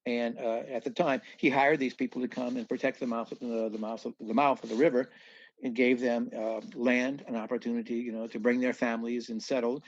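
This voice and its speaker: A man from southeast Louisiana, a guest on a podcast, telling stories in an animated way with many restarts and asides. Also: mid-range voice, brisk, no echo, lo-fi sound. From southeast Louisiana, USA. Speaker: guest musician. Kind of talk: storytelling in a casual podcast chat.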